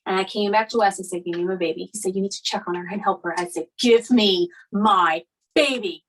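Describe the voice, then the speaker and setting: A woman's voice: mid-range voice, level tone, racing, a little hiss or hum, poor audio. A woman co-hosting a podcast, chatting casually and teasing her husband in a matter-of-fact way. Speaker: podcast co-host. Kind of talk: casual chat.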